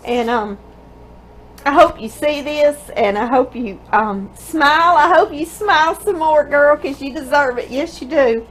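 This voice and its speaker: A woman's voice: high voice, unhurried, slight background noise, poor audio. A woman with a Louisiana Southern accent, hosting a home cooking show from her kitchen and reading viewer mail aloud in a tender, emotional way. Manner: tender, emotional, laughs often, calls listeners girl.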